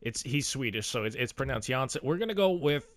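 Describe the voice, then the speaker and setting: A young man giving casual, excitable commentary on his own video game play, talking to himself and swearing now and then. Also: medium pitch, fairly quick. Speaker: gaming YouTuber.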